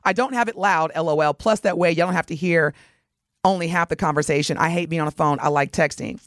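A woman's voice: sits low, fast, no room sound, studio quality. A middle-aged woman co-hosting a casual radio talk show, reading listener texts aloud and telling stories with lots of laughter. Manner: animated storyteller, reads listener texts, laughs often. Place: radio studio.

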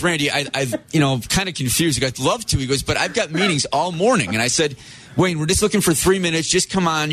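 A man on a radio show telling an animated story, quoting the people in it. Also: a little high, a little hiss or hum. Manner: animated storyteller, quotes others.

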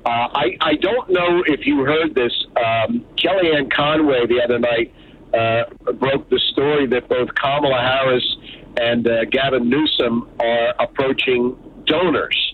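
A man calling in to a talk radio show, chatty and halting. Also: medium pitch, expressive. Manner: chatty, hesitant restarts. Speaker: caller. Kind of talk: phone-in call. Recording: tinny phone line with faint hiss.

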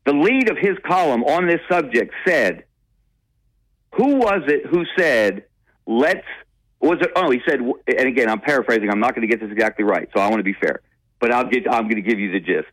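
A man's voice: mid-range voice, animated, brisk, no echo, poor audio. A middle-aged man, a newspaper columnist, giving earnest, emphatic commentary as a radio guest, often repeating himself to press a point.

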